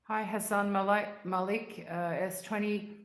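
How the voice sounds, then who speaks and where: A congested livestream host from Australia chats casually with viewers in the live chat, gushing about sweets and filling gaps with "like." She clears her throat a lot. Her mid-range voice stays steady and a little slow, with reverb on the sound.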